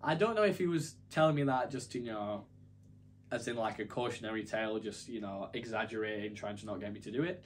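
A man's voice: fairly low pitch, a little fast, a little hiss or hum. A young man telling a story to camera in a casual, rambling, self-deprecating way. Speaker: YouTuber.

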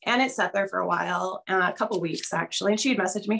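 A middle-aged woman speaks quickly in a mid-range, gravelly, fairly bright voice, sharing her personal story as a guest on a casual video call. She's candid and slightly nervous, dropping fillers and small laughs as she goes.

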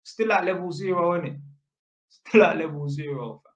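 A man's voice: a little high, moderate pace. A man telling a story in casual, sweary street slang, an electrician chatting to camera. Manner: slangy and sweary, full of innit and fam. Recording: echoey room.

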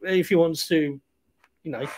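A man's voice: on the high side, a little slow, a little mellow. A man co-hosting a film review show in casual chat, hesitant, with many fillers and restarts. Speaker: film review podcast co-host.

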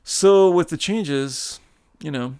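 A man's voice: on the high side, slow pace, darkish tone, clear, resonant tone. A man hosting a podcast, chatting casually and animatedly, swearing freely and acting out what others might say. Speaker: podcast host. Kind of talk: casual chat.

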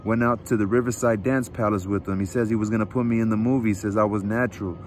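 A man voicing a lonely, restless young ranch wife in a read-aloud book, talking quickly and pleadingly. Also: lowish voice, fairly even intonation, darkish tone, a little hiss or hum, natural voice. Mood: confiding.

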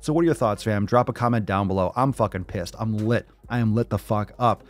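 Low-voiced man ranting with constant swearing. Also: fairly quick, soft background music. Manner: swears constantly, fired up and mocking. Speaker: fitness video host. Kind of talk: profane ranting reaction commentary.

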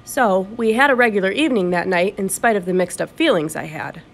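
A woman's voice: medium pitch, fast talker, gravelly. Woman reading a kids' novel aloud. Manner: expressive storytelling. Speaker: audiobook reader.

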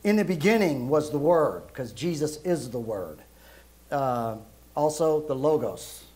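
A middle-aged man from Brooklyn, raised in Europe, preaching a casual sermon in a loud voice with lots of ums and uhs. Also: on the high side, big pitch swings, unhurried. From Brooklyn, New York, raised in Europe. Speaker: guest preacher.

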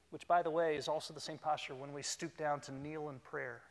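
Animated preacher in a reverberant church. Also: male voice, fairly high pitch, brisk. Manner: animated, humorous, leads the congregation in call-and-response. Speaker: pastor. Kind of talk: sermon. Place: church sanctuary. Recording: long reverb in a church hall.

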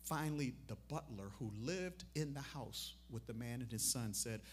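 A man preaching a memorial sermon. He tells a parable, acts out what people say, and swells into loud, emphatic appeals. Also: mid-range voice, normal speed, a little hiss or hum.

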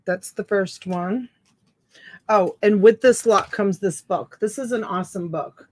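Woman co-host, easygoing, slow talk, dry close sound. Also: mid-range voice, a little mellow, no room sound. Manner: easygoing, showing items one by one. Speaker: auction co-host. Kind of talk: live selling stream chat.

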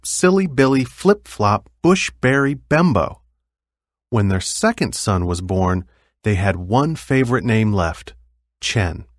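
A man narrating children's stories aloud with clear, expressive storytelling. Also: medium pitch, no room sound, studio quality.

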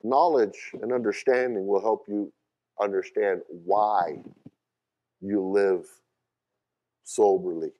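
A man, preaching a sermon as a pastor. He swings from loud high bursts to quieter asides, repeats words and calls out questions to the congregation. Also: fairly even intonation, slow pace, long pauses, lo-fi sound.

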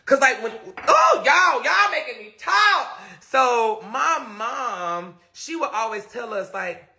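A man's voice: very high voice, slow pace, vocal fry. A man telling a story casually to live viewers on a phone, dramatic and full of outbursts. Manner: animated, dramatic retelling with outbursts. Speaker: live-stream host.

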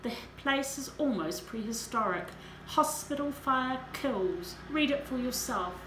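A woman's voice: high voice, lively intonation, measured pace, noisy background, voice pushed up. A woman voicing a powerful sheikh who speaks in a curt, authoritative way, read in a storybook. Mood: cold. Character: cold commanding sheikh, powerful man. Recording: roomy echo.

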